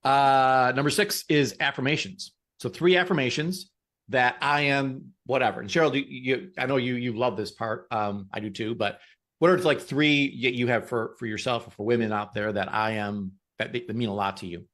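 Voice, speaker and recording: Man, motivational podcast co-host, upbeat, encouraging, mid-pitched voice. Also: moderate pace, a bit bright. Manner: upbeat, encouraging, repeats words. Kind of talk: casual motivational chat.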